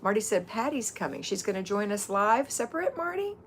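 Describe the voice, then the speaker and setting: A woman's voice: mid-range voice, a little fast, a crowd in the background. A middle-aged woman hosting a casual livestream, chatting and greeting viewers by name as a home-organizing mentor.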